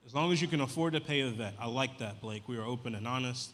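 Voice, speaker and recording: Guy doing standup, quick and bright, deadpan, big reverby club. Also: mid-range voice. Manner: deadpan, chatty crowd work with casual slang. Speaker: stand-up comedian. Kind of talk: stand-up comedy set. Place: comedy club stage. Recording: live venue with long reverb.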